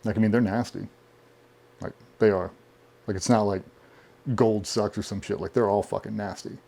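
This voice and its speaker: A man with a fairly low voice tells war stories in a relaxed interview, swearing freely. His delivery is animated and conversational, his words tumbling out as he leans into each story. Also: normal speed, creaky. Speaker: podcast guest.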